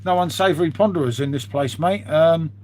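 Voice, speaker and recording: Live streamer, man, husky and a bit high, casual sweary chat. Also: brisk, darkish tone. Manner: chatty, swears freely, says "mate" constantly.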